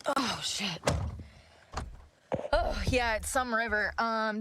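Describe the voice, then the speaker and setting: A woman chats live to her viewers in an unhurried, drawling way, rambling and swearing freely while out of breath. She is outside in the snow by a river, talking into a handheld phone, with a faint hiss underneath. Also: on the high side. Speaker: vlogger. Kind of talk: casual livestream chat.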